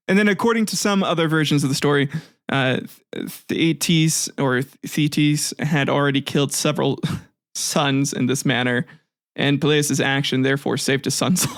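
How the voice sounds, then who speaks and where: A man's voice: a little high, a bit bright, no room sound, studio quality. A man hosting a casual history podcast, retelling myths with swearing, laughter and jokey asides, often restarting his sentences. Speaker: podcast host.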